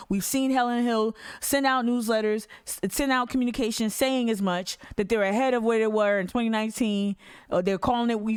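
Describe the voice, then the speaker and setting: A woman's voice: fairly high pitch, clear, resonant tone. A woman hosting an activist podcast, reading articles aloud and breaking off into profane, fired-up rants. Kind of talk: casual livestream commentary.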